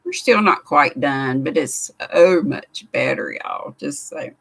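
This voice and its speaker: A woman's voice: low-pitched, expressive, slow pace, gravelly, breathy edge. An older woman with a Southern American accent hosting a casual live stream from a craft room, greeting viewers by name in a chatty, homespun way. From United States. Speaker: livestream host. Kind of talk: casual live chat, reading viewer comments.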